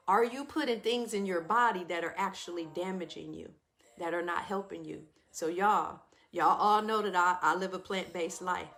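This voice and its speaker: A woman hosts a wellness talk, speaking to her listeners in a familiar, preachy way. She laughs often as she talks. Her voice sits at a middle pitch. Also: a bit bright. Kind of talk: live wellness talk to an audience.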